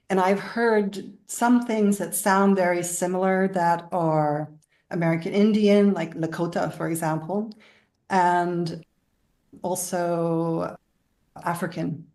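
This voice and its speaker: A woman guest speaks in a lowish voice with a gravelly edge. She tells her story in a meandering way and often laughs as she talks. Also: a little mellow. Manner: rambling, laughs often while telling stories. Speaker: interview guest. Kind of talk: conversational storytelling.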